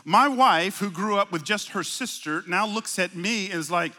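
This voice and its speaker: High, bright-voiced preacher in a big hall. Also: male voice, lively intonation, normal speed, few pauses. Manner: conversational preaching with anecdotes, swings from loud emphasis to low asides. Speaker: pastor. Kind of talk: sermon. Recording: live sermon in a reverberant hall.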